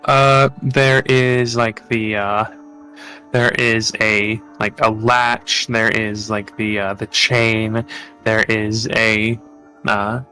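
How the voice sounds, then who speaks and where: A man narrating as game master in a tabletop game, halting often with fillers and restarts. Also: on the low side, level tone, bright, forceful tone, faint music behind.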